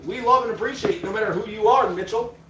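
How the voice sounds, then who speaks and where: High-voiced laid-back man, echoey and distant. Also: fast talker. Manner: laid-back, teasing, swears freely. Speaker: livestream host. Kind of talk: casual chat. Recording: echoey, distant mic, background noise.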